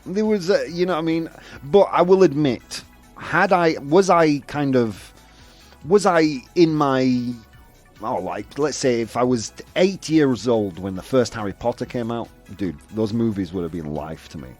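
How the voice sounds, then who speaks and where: A man's voice: mid-range voice, measured pace, darkish tone, faint music behind. A young man from the UK hosting a casual chat show, rambling with lots of fillers and restarts. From United Kingdom. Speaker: host.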